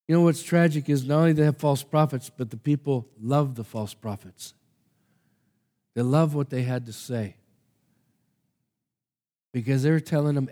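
A man preaching a sermon, reading scripture aloud and swinging from hushed asides to loud, emphatic passages. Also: medium pitch, moderate pace, long pauses. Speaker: pastor.

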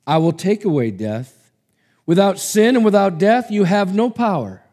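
A man preacher reading the lines of Jesus, calm and resolute, measured and slow. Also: sits high, voice pushed up. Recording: long hall reverb.

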